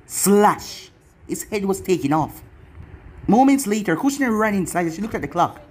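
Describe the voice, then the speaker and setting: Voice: mid-range voice, sing-song, normal speed, darkish tone, husky. A narrator reading a fan fiction story aloud, telling it plainly.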